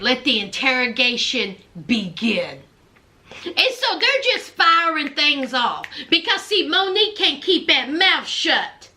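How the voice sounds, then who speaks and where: A woman gives a casual reality TV recap, dramatic and talking straight to her viewers. Her voice sits high and swings widely in pitch. She speaks at an unhurried pace. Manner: animated, dramatic, addresses viewers as y'all.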